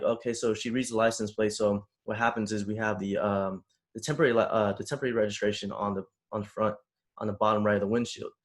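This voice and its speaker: Young man, from the Bay Area, rapid animated storytelling, casual conversation. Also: lowish voice. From San Francisco Bay Area. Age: young adult. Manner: animated retelling, acting out quoted voices. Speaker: panel guest.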